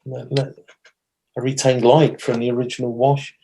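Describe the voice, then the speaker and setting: A man leads a watercolour demonstration, talking his way through each brushstroke at a middling pitch. He thinks aloud, stops to fix his own slips and pokes fun at himself for his group. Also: level tone, normal speed, vocal fry, dark tone. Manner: chatty, thinks aloud while working; self-deprecating humour. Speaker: watercolour teacher. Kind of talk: live painting demonstration.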